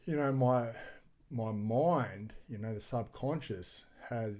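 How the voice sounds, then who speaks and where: A man, a podcast guest and extreme sports athlete, telling a story in a casual, animated way, acting out quoted voices and swearing freely. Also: mid-range voice, slow.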